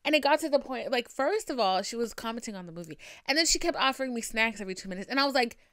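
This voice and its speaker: A young woman with a light Boston accent talks in a chatty, profane and dramatic monologue as a podcast host. Her voice is smooth and clear, recorded dry and close with no room sound. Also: a little high, animated, racing, a bit bright, no room sound. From Boston area, USA. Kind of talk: casual monologue.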